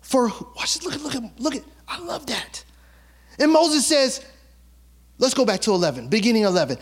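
A male pastor giving a sermon, retelling a story in an animated, colloquial, conversational way. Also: very high-pitched, normal speed.

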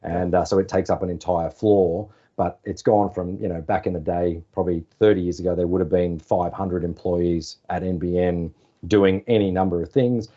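An Australian man in his forties, a former sports journalist, telling relaxed anecdotes in a podcast interview. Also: sits low, normal speed. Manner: relaxed, anecdotal, acts out quoted phone calls. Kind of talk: casual storytelling interview. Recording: slightly dull podcast audio.

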